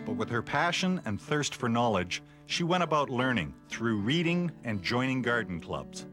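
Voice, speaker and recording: Man narrating a documentary. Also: mid-range voice.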